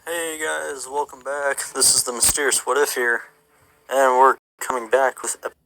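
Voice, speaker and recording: A man's voice: mid-range voice, level tone, moderate pace, creaky, noisy background. A man hosting his story channel, recapping a fan story in an upbeat, chatty way. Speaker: channel host. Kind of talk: casual story recap and sign-off.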